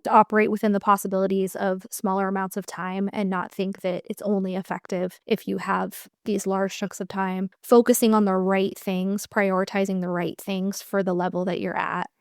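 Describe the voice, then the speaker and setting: A woman's voice: medium pitch, clean tone, dry recording, clean studio sound. An American woman co-hosting a casual podcast about dance, thoughtful and encouraging, laughing often. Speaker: co-host, dance instructor.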